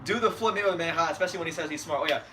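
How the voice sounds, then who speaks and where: A young man chats casually on a live boxing reaction stream, quick and full of jokes. His voice is bright and forceful and sits slightly above average in pitch. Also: slight background noise. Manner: animated, joking, quick-talking.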